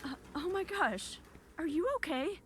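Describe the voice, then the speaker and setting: A woman voicing a gentle, worried young female friend in a visual novel, speaking softly and higher than her own voice. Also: animated, unhurried, a little hiss or hum.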